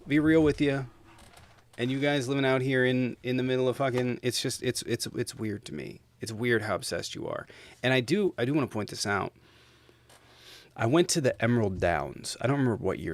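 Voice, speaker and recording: A man's voice: mid-range voice, normal speed, dry recording. A man hosting his own livestream, ranting bluntly and swearing freely in casual talk. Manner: blunt, profane, heated. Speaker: streamer host.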